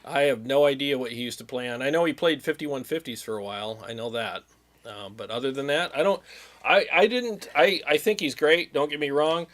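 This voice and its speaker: A man's voice: mid-range voice, a little fast, fairly bright tone. A man hosting a live stream, chatting casually, laughing often and talking loosely with fillers. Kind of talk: casual chat.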